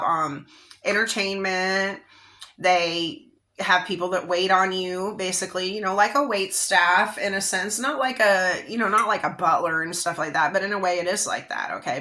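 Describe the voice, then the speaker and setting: A woman's voice: fairly low pitch, bright, forceful tone. A woman tarot reader giving a casual psychic reading, talking in a rambling, conversational way with frequent check-ins and fillers.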